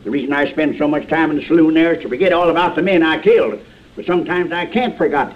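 A man plays a mild, folksy townsman with a plain country drawl, the kind who says "ain't" and "nothing" where he shouldn't. The sound is a dull, muffled old radio broadcast, and his voice sits on the high side. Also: fast talker, lightly acted. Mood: menacing. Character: timid small-town man turned bluffing gunman. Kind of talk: 1950s radio drama acting.

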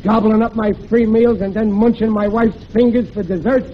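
A man's voice: sits high, fairly even intonation, normal speed, natural voice. An actor playing a blustering husband and father who talks tough and ungrammatical, in 1940s radio comedy style. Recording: muffled old radio broadcast with faint hiss.

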